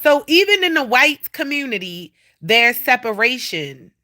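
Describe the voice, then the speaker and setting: Bright-voiced, blunt woman on a livestream. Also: fairly high pitch, unhurried. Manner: animated, blunt and profane, talks straight to viewers. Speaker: livestream host. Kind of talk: casual livestream chat. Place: at home indoors.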